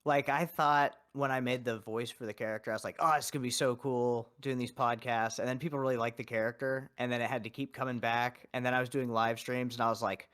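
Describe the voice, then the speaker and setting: A man's voice: mid-range voice, fast, few pauses, smooth. A man who is a guest on a podcast and a dungeon master, telling stories with acted-out quotes and heavy swearing. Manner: animated storyteller who acts out quotes, swears a lot. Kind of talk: casual podcast chat.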